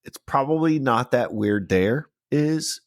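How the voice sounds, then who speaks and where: A man's voice: medium pitch, slow pace, dry recording, clean studio sound. A man in his forties co-hosting a podcast in casual chat, swearing freely and joking around. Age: 40s. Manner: swears freely, jokey and animated. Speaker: podcast co-host.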